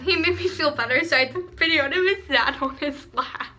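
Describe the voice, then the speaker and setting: Recording on a phone camera, a Pennsylvania teen vlogger giggles her way through reading her old fan fiction, poking fun at it with lots of "like" and "um." She talks fairly quickly in a high, pushed, bright voice.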